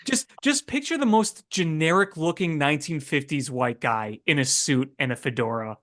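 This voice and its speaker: A man's voice: a little high, normal speed, fairly bright tone. A man co-hosting a casual sports podcast, talking things through with hesitant restarts.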